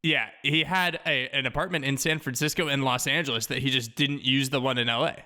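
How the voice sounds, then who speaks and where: Bright-voiced man in casual podcast chat. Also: mid-range voice, steady tone, a little fast. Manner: frequent affirming yeahs, incredulous remarks. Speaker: podcast co-host. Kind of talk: casual movie breakdown chat.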